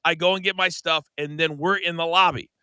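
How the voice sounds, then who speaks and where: A middle-aged American man with a very bright, forceful voice, spinning a story for his co-host. He acts out the lines of the people in it and swings between hushed asides and loud bursts. The studio sound is close and dry. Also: on the high side, brisk, clear, resonant tone, no room sound. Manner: animated storyteller, acts out quoted dialogue. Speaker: podcast co-host. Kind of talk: casual storytelling chat.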